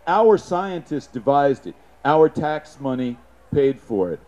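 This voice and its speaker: A man giving an impassioned, profane public speech, punctuated with shouted sound effects. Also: a little high, very animated, takes it slowly.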